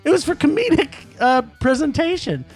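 A man co-hosting a podcast, ranting about movies in an animated way and laughing often. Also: very high-pitched, normal speed. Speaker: podcast co-host. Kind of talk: casual podcast movie rant.

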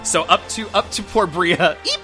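Deep-voiced, animated woman game master, enthusiastic, loud background music. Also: moderate pace. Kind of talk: running a tabletop game.

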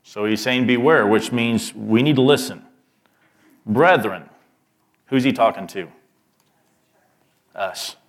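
A man preaching a sermon, reading scripture aloud and pausing to ask the congregation rhetorical questions, with mounting emphasis. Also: lowish voice. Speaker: pastor.

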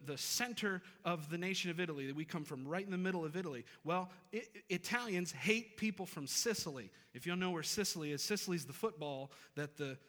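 A pastor preaching a Sunday sermon, talking conversationally and then building to emphatic, repeated phrases. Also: male voice, on the high side, a bit bright. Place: church sanctuary. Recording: long reverb of a large hall.

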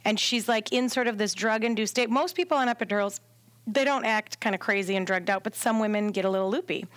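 A woman, a doula and podcast guest, telling a story in a casual, animated way and acting out the quotes with laughs. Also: mid-range voice, fast talker, no echo.

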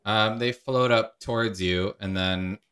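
A man narrating a tabletop game as game master, calm and measured with frequent fillers. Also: lowish voice, clean tone.

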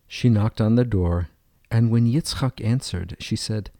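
A man narrating a storybook tale in a steady, even way. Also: on the low side, a little slow, gravelly, no room sound, clean studio sound.

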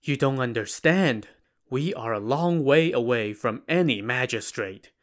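A man voicing starving, frightened old monks who plead in a soft, tired way. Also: medium pitch, animated, unhurried, close to an everyday voice. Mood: urgent. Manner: pleading, weary.

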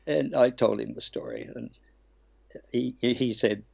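An older man from Australia tells stories with lively energy and acts out what others said. His voice has a gravelly edge. The sound is dull and lo-fi, like a remote link. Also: mid-range voice, measured pace. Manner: lively storyteller, laughs and acts out quotes. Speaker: guest voice actor. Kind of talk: anecdotal interview chat.

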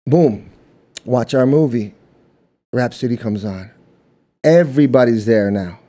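A man with a Canadian accent, a podcast guest telling stories in casual chat, animated and full of "you know what I mean". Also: medium pitch, unhurried. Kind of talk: casual storytelling.

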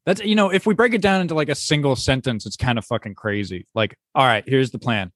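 A man's voice: mid-range voice, fast, a bit bright, no room sound, clean studio sound. A man co-hosting a casual podcast, rambling and sarcastic, with lots of "like" fillers. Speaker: podcast co-host. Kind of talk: casual chat.

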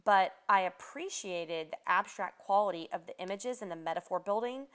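Woman, interview guest, lively chat, smooth tone, frequent laughs. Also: mid-range voice, moderate pace. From Atlanta, Georgia. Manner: animated, laughs often, restarts words. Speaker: author guest.

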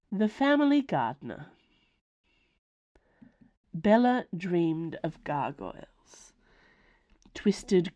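A woman reading her own serialized novella aloud in a measured, wry storytelling manner. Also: deep voice, mellow. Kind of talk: audiobook narration.

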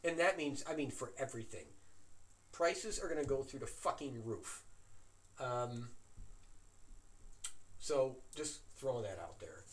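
Animated man telling a story. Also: mid-range voice, measured pace, pauses often, slight background noise. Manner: animated, excitable storyteller who swears. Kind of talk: casual chat, anecdote telling.

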